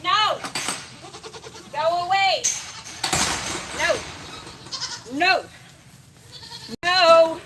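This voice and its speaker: Very high-voiced woman scolding goats. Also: lively intonation, measured pace, long pauses, heavy background noise. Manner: scolding animals, exasperated and affectionate. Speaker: goat farmer. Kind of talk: casual farm vlog. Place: outdoor goat pen. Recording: loud bleating goats in background. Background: goats and sheep bleating.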